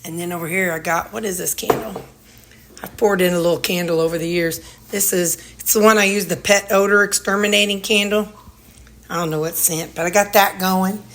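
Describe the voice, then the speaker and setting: A woman's voice: on the low side, fairly even intonation, fairly quick, fairly bright tone, slight background noise. Chatty Missouri woman touring her home. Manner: rambling, chatty, talks to her dogs. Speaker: vlogger. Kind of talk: casual home tour vlog. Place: her house, indoors.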